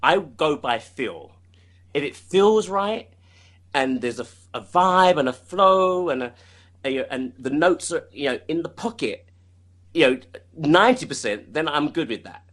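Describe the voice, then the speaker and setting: A man with a fairly high, bright voice, chatting casually as the guest in an interview. He talks animatedly, with many restarts and repeated words. His tone is forceful and clear. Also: animated, unhurried. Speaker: singer being interviewed.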